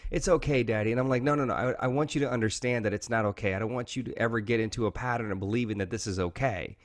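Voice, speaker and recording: A man's voice: medium pitch, racing. A man, talking earnestly and openly as an interview guest, often saying "man" and "you know". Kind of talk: candid interview talk.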